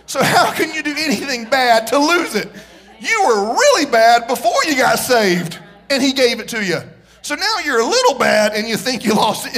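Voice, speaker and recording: A man preaching a sermon to his congregation, joking and telling stories as he goes. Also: very high voice. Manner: animated, joking storyteller with the congregation. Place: church.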